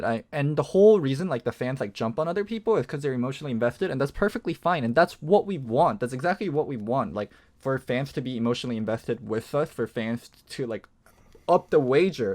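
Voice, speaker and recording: A man joining a casual esports podcast, talking enthusiastically and swearing now and then. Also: mid-range voice.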